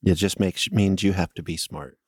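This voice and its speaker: Husky low-voiced man reading stories. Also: fairly even intonation, normal speed, no echo, studio quality. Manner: reads stories plainly, banters dryly. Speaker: podcast co-host reading listener stories. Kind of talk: casual podcast chat and story reading.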